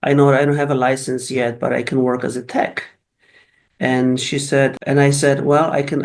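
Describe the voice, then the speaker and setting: A man's voice: medium pitch, steady tone, moderate pace, vocal fry. A middle-aged man with a Polish accent, a physical therapist telling his life story in an interview, often restarting and repeating words as he recalls events. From Poland.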